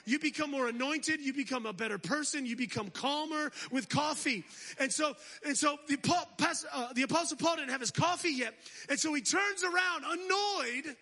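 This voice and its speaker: A man's voice: very high voice, moderate pace, bright, forceful tone. A man preaching as a guest speaker at a church service, exhorting the congregation, calling for responses and adding humorous asides. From United States. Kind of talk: energetic sermon.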